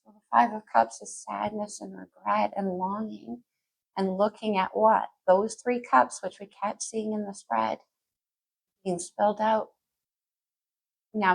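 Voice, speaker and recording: A woman with a husky, gravelly voice reads tarot cards in a loose, chatty way. She thinks out loud as she turns each card over and sometimes half-sings a line. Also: medium pitch, rough recording. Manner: chatty, thinks aloud, sings lyrics softly. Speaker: tarot reader. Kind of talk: casual tarot reading.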